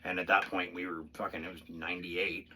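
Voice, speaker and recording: This male drummer has a deep, fairly flat voice that comes across brisk, pushed and bright, with a little hiss or hum in the recording. He rambles loosely and profanely through drum rudiments as a casual spoken demo, pausing to count beats aloud while a drum pad plays.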